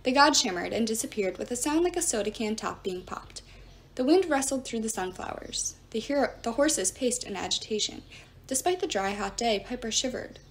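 A woman's voice: on the high side, animated, moderate pace. A woman reading a novel aloud, narrating expressively and switching into the characters' voices.

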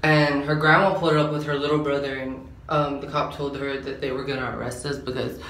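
A man's voice: medium pitch, flat delivery, fairly quick, fairly bright tone. An eighteen-year-old man telling a storytime in a rambling, slangy way, filling his talk with "like". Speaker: vlogger. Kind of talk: casual storytime chat. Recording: roomy echo, faint background hum.

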